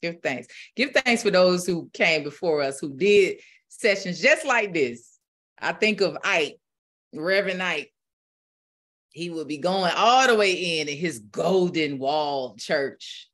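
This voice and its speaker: A woman spiritual teacher, preaching with rising fervor and then leading a slow, calm guided meditation. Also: on the low side.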